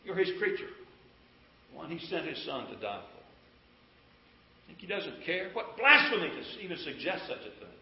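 A man preaches with a high, animated voice that rises and falls widely. He is earnest and pleading, pressing his listeners with questions. The recording is roomy and a little dull. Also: moderate pace, creaky, long pauses, slight background noise. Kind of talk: sermon.

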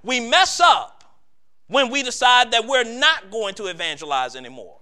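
High-voiced preacher building to climaxes. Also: male voice, lively intonation. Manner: builds with repetition, slowing and getting louder at climaxes. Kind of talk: sermon.

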